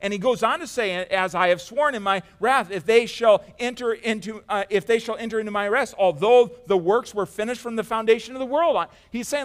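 A man preaching a sermon, repeating words and swinging between emphatic declarations and quiet, hushed passages. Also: sits high, animated, fairly quick, few pauses.

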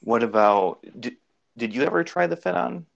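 A man hosts a podcast in a mid-range, creaky voice at a moderate pace, with the high frequencies cut off. He's relaxed and chats casually, rambling as he recalls shared memories aloud.

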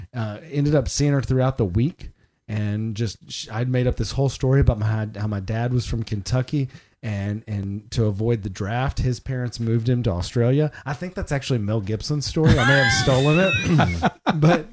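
A young man co-hosting a podcast spins a long, wandering story in easygoing chat. His voice sits at an ordinary middle pitch, and he breaks into laughter between phrases. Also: normal speed. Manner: rambling anecdote teller, laughs mid-sentence. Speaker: podcast co-host. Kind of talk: casual chat.

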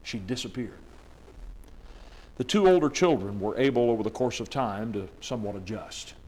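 A male preacher delivering a dramatic sermon, swinging from hushed storytelling to loud, emphatic declarations. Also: lowish voice, lively intonation, normal speed.

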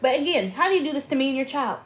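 A woman's voice: high voice, animated, rapid-fire, crowd noise, low-quality recording. A woman co-hosting a podcast, reading a listener's email aloud with dramatic emphasis and giving blunt, profane advice in casual chat. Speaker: podcast co-host.

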